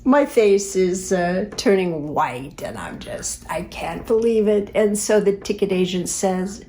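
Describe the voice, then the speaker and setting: A woman's voice: mid-range voice, a little slow, hardly any pauses. A woman telling a funny travel story in a casual chat, laughing and acting out what people said. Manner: animated, laughing, acts out quotes. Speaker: co-host of a live stream.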